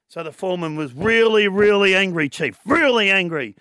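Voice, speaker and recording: A playful man with a high voice banters and tells jokes on a sports radio show. His manner is light and jokey. The sound is dry and close to the mic. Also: animated, normal speed, hardly any pauses, pushed and bright, clear, resonant tone, no echo. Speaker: co-host.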